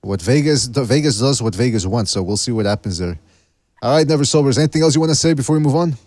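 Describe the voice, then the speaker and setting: A man's voice: medium pitch, lively intonation, quick pace, darkish tone. A man hosting a casual call-in boxing show, often laughing and stumbling over his words. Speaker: podcast host taking calls.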